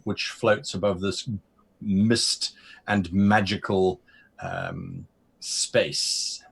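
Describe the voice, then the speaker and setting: A man running a tabletop game as game master, describing scenes with pauses and fillers. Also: low voice, wildly swooping pitch, vocal fry, a bit bright, husky.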